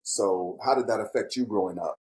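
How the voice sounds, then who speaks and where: A middle-aged father hosts a podcast, chatting casually and warmly with his grown children. His lowish voice moves a little fast over a low-quality recording, and he speaks candidly and reflectively, getting animated whenever he quotes himself.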